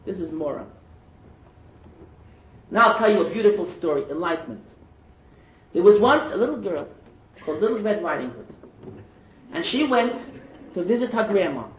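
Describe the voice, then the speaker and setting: A man with a very high voice tells stories in a sermon. He gets animated and often climbs to shouted emphasis. The recording is echoey and muffled, as if taped in a large room. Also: normal speed, pauses often. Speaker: preacher. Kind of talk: sermon storytelling. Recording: echoey and dull lo-fi.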